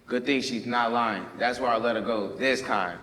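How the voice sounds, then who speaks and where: A man's voice: mid-range voice, normal speed, a bit bright, close to an everyday voice. An actor playing a harsh, threatening British colonial captain, an adult man. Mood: cold. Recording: hall reverb, faint background ambience.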